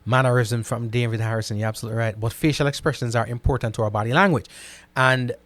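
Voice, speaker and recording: A man hosting a casual live stream. He reads out viewer comments and answers them in an animated way, often repeating himself and checking in with "right?". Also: medium pitch, fast talker. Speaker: host reading live chat comments.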